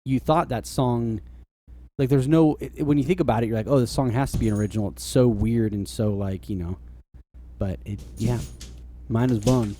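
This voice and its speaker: With a warm, mid-range voice at a moderate pace, a male podcast co-host rambles through casual chat, leaning heavily on "like" and laughing often. There's slight background noise.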